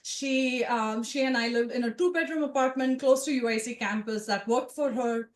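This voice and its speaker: A woman around forty telling a personal story to a live audience, conversational and animated, with asides to the listeners. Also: a little high, moderate pace, roomy sound. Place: event room with a live audience.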